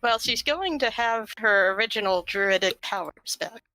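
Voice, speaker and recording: A woman's voice: on the high side, animated, normal speed, sharp tone, no echo, poor audio. A woman running a tabletop game as game master, narrating with hesitant fillers.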